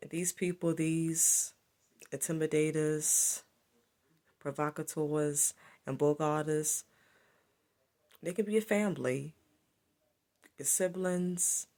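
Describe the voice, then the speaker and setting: A woman's voice: sits low, fairly even intonation, slow, long pauses, a little mellow. A woman giving a solo spiritual monologue to camera, repetitive and emphatic as she accuses. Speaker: spiritual vlogger.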